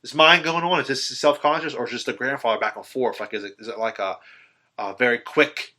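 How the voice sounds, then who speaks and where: A man on a podcast excitedly retelling a horror film's ending in casual, profanity-laced chat, full of ums and restarts. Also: mid-range voice, fairly quick. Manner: animated retelling, swearing, filler-heavy. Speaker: podcast host. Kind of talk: casual film recap chat.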